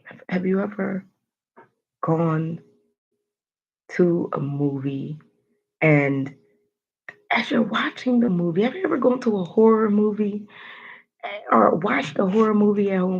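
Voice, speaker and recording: A woman giving a motivational daily vlog, animated and talking straight to her viewers with playful asides. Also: lowish voice, moderate pace, dull audio. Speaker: motivational vlogger.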